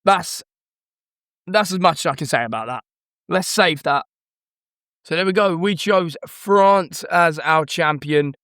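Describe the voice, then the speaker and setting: Guy thinking out loud over footy picks, bit higher voice, dry close mic. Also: unhurried, pauses often, dry recording. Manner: musing, hesitant, rattles off lists of team names. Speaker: football prediction vlogger. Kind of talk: casual thinking-aloud commentary.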